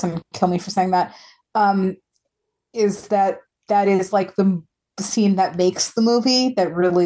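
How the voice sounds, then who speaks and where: A woman's voice: medium pitch, mellow. An American woman co-hosting a film podcast, asking questions in an easygoing, casual way. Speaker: podcast co-host.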